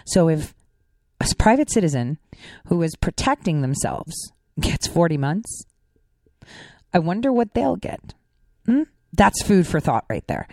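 A woman host delivers political commentary in a sly, sarcastic way, throwing out rhetorical questions and letting her pitch swoop widely. Her voice sits dry and close, with no room sound around it. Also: sing-song, a little slow, pauses often, warm tone, no room sound.

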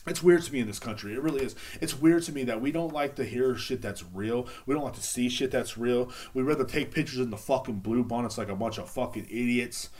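A young man, ranting casually and profanely on his own podcast, rambling with many restarts. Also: mid-range voice. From Texas. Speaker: podcast host. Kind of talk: casual solo rant.

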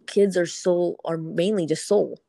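A woman's voice: on the low side, unhurried, creaky, warm tone, no room sound. A woman and mother in casual podcast chat, talking candidly and emphatically and swearing freely.

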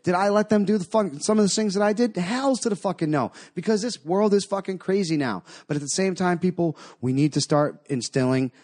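A man's voice: high-pitched, brisk, hardly any pauses, a little mellow. A man co-hosting a casual podcast, talking bluntly, swearing freely and chuckling often. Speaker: podcast co-host.

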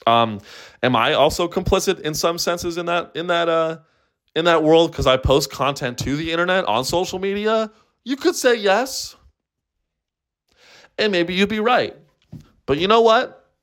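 A man's voice: fairly low pitch, a bit bright, clear, resonant tone. A young man hosting a solo comedy podcast, who swears often and rambles with frequent false starts. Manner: profane, rambling, full of restarts.

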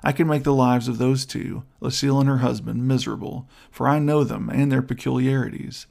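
A man reading the part of a cold, vengeful young nobleman in an audiobook, arguing in a smooth, persuasive, measured way with a gravelly voice. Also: mid-range voice, steady tone, a little mellow. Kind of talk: audiobook character voice.

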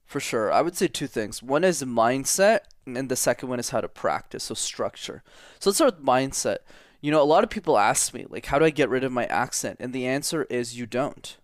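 A young man from Canada, French his first language, talks in an assured, emphatic coaching manner. His voice sits at an ordinary pitch for a man. The recording is close and dry, with no room sound. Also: big pitch swings, normal speed, no echo. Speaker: public speaking coach. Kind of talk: podcast interview answers.

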